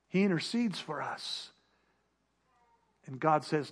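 A pastor delivering a sermon, building emphatic rhetorical questions and repeated refrains. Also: male voice, on the high side, unhurried. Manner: emphatic preaching.

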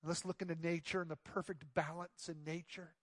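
Male pastor, higher voice, dry close sound, animated sermon storyteller who acts out quotes. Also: fairly quick, no room sound. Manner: drops to soft pleading tones.

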